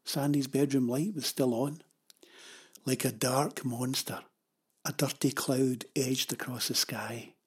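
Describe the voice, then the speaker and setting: Storybook narrator, husky tone, measured and steady delivery. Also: mid-range voice. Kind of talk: children's story reading.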